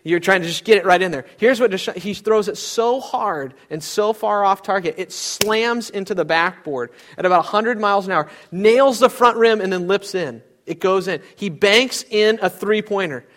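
A man's voice: high voice, moderate pace, hardly any pauses, fairly bright tone. A young adult man preaching a sermon, telling stories with animation and acting out other people's voices. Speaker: pastor.

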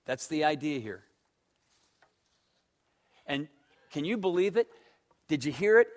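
A man's voice: a little high, expressive, a little slow, long pauses. Emphatic preacher man. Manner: storytelling preacher, swings from loud emphatic to hushed. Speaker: pastor. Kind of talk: sermon.

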